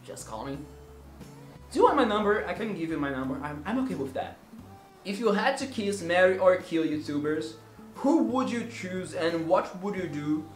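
A man's voice: on the high side, echoey room. A man in his twenties from Brazil with a Brazilian Portuguese accent, Portuguese his first language, joking and teasing through a casual question-and-answer vlog. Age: 20s. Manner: playful, joking, theatrical. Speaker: vlogger.

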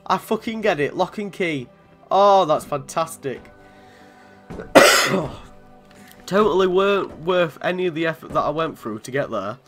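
Sweary, bright-voiced game commentator. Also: male voice, a little high, expressive, unhurried, pauses often, faint music behind. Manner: sweary, chatty, laughs often. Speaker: gaming channel host.

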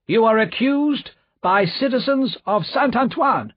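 A man voicing a rough, commanding guard who speaks in a loud and demanding way. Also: very high voice, expressive, measured pace, no room sound, pitched above the performer's own voice, exaggerated voice. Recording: dull lo-fi recording.

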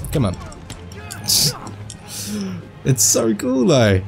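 A man giving casual, jokey let's-play commentary, excitable and full of goofy asides. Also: lowish voice, measured pace, over music. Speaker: gameplay commentator.

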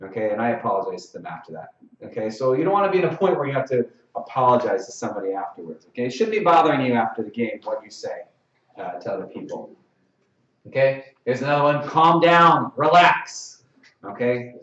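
Very animated and fast-talking, a man with a mid-range voice trains lacrosse officials in a conversational room lecture, acting out example lines and often asking "okay?" Picked up by a distant mic, he sounds set back and roomy, with dull live-stream audio that has little sparkle.

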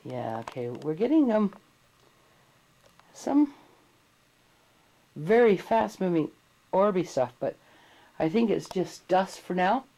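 Mellow, rambling ghost-hunt host. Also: mid-range voice, very animated, takes it slowly, gravelly, pauses often, low-quality recording. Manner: rambling, thinks out loud while groping in the dark. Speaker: host of a ghost-hunting video. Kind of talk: casual on-the-spot narration. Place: dark house at night, indoors.

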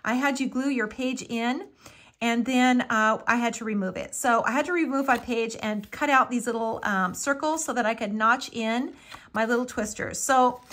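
A woman with a slightly high voice leads a live papercraft tutorial. She chats along easily as she works, filling pauses with ums and calling everything little and cute. She sounds middle-aged. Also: fairly bright tone. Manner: chatty and homey, fond of "little" and "so cute", with frequent ums. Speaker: craft tutorial host.

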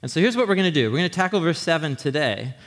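Animated preacher in a reverberant hall. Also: male voice, a little high, very fast. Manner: conversational, checks in with the audience often; animated teaching with frequent restarts. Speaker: pastor. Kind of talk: sermon. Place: church sanctuary.

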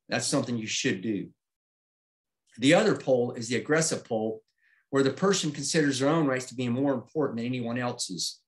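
A middle-aged man giving a safety presentation, walking through slides step by step in a plain-spoken way and checking in with "okay?". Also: mid-range voice. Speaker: aviation safety instructor.

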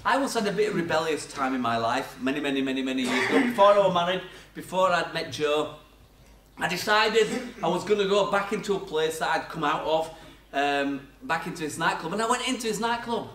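A man's voice: a little high, animated, a little fast, a bit bright, slight background noise. Older man preaching in an echoey church. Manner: chatty storytelling with self-mocking laughs. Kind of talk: sermon. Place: church hall. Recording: echoey church sound from far off.

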